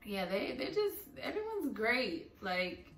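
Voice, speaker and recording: Young woman, heartfelt personal vlog, roomy echo, slightly distant mic, soft music behind. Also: on the high side, big pitch swings, slow. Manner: heartfelt, earnest, openly emotional. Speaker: vlogger. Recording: echoey room, a bit far from mic, soft music.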